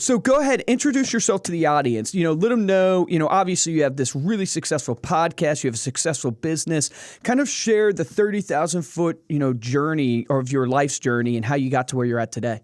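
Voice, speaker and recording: A man's voice: on the high side, fairly quick, few pauses, dry recording, clean studio sound. A man hosting a podcast, chatty and enthusiastic, laughing easily as he introduces his guest. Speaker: podcast host. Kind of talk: casual podcast interview.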